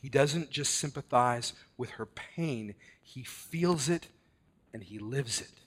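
A man delivers a sermon at a slow, measured pace, with a voice of ordinary middle pitch. His preaching is earnest and deliberate, and he gives key words heavy dramatic weight. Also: animated.

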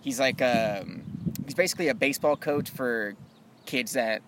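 A young man in casual chat about movies, loose and animated, swearing freely and calling his friend dude and bro. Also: mid-range voice, normal speed, background noise.

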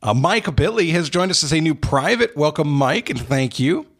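A man hosting a podcast, warmly thanking supporters in a casual, earnest way with frequent restarts. He is recording in an unfinished spare room without soundproofing, with a slight room echo. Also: fairly high pitch, animated, normal speed, husky. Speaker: podcast host. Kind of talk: casual thank-you segment.

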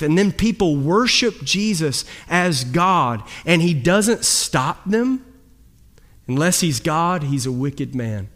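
A man preaching a sermon as pastor, his delivery swinging between loud, high emphasis and low, quiet drops. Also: sing-song, slow.

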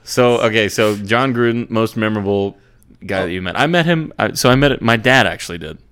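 Young man, low-ish voice, relaxed podcast banter full of fillers. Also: brisk, clean tone. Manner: laid-back, profane, many fillers and restarts. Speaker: podcast co-host. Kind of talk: casual chat about sports.

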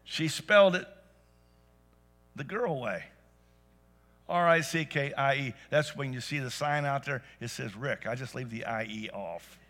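A man preaching a sermon to a church congregation, telling stories and rising to loud emphatic peaks. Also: mid-range voice, unhurried, long pauses. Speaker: pastor. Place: church service.

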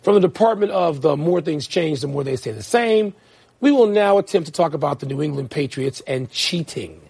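A man's voice: on the high side, animated, fairly quick, vocal fry, darkish tone, husky. A man in his sixties co-hosting a sports talk show, debating emphatically with laughing asides and reading segment introductions. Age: 60s.

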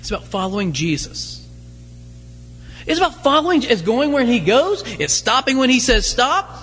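A man's voice: very high voice, big pitch swings, moderate pace, fairly bright tone, husky, faint music behind. A man preaching a sermon as pastor, conversational, full of rhetorical questions and light humorous asides. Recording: long hall reverb.

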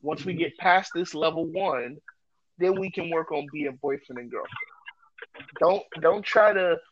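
A man co-hosting a podcast, talking loudly and joking in a casual, animated way. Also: on the high side, measured pace, dull audio, slight background noise. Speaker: podcast co-host.

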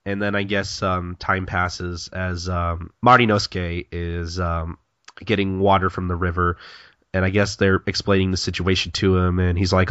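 A man's voice: sits low, flat delivery, moderate pace, a bit bright, clear, resonant tone, no room sound, lo-fi sound. A man co-hosting a podcast in casual chat, recapping a manga in a rambling, profane way and acting out characters' lines with lots of laughing. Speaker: podcast co-host.

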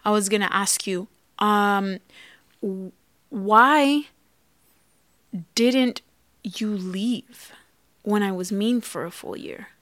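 A woman's voice: mid-range voice, takes it slowly, long pauses, a bit bright, dry recording. A woman co-hosting a relationship podcast, talking in casual chat with a heartfelt, confessional manner and acting out remembered quotes. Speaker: podcast co-host.

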